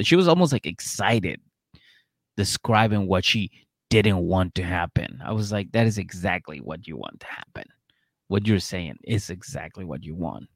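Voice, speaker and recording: Male podcast co-host, low and gravelly, dry studio sound, profane storyteller who acts out the quotes. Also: big pitch swings, normal speed, no room sound. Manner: profane storytelling that acts out other people's lines. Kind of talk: casual chat recapping a reality show.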